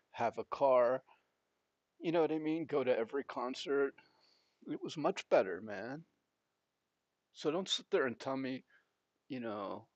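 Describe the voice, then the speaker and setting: A man's voice: mid-range voice, dry recording, lo-fi sound. A man chatting casually while playing a video game, rambling and frank and audibly out of breath. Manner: rambling and frank, with frequent fillers and restarts. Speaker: gaming channel host.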